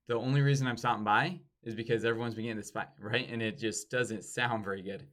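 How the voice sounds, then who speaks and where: A man giving a casual sales training, acting out sample door-to-door pitches to show pauses and emphasis. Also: steady tone, fairly bright tone.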